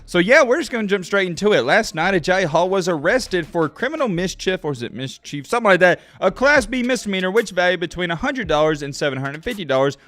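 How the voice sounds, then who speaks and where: Heated, animated male sports ranter. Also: a little high. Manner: emphatic, heated ranting. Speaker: college football commentator. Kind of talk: ranting commentary to camera.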